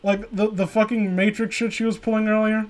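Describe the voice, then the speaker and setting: A man's voice: sits high, flat delivery, a little fast. A young man giving a comedic reading of a story, breaking off into sweary, incredulous rants. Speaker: reader and commentator. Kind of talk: comedic dramatic reading with commentary.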